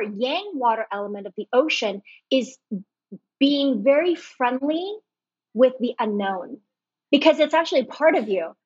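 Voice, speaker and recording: A woman guest on a podcast, calmly explaining concepts and checking in with "right?" as she goes. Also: a little high, breathy edge, no echo. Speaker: guest astrology reader. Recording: dull lo-fi sound.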